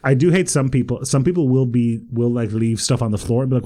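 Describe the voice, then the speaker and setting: A man's voice: mid-range voice, expressive, fast, mellow. A man in his late twenties chatting casually as a podcast co-host, with easygoing, wry humour. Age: late 20s. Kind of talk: casual chat.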